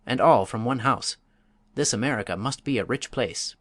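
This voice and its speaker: A man voicing a solemn, earnest bandit in a storybook reading, speaking slowly and gravely. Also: mid-range voice, a bit bright, dry recording, close to an everyday voice. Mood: pleased.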